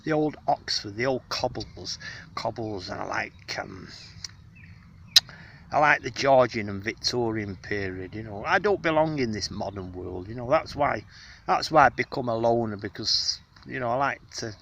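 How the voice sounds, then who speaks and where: Out in the countryside on a hot day, a vlogger rambles in an affected, genteel manner, full of fillers, chatting to whoever is filming him. His medium-pitched voice is animated, gravelly, husky and a bit bright, at a normal speed.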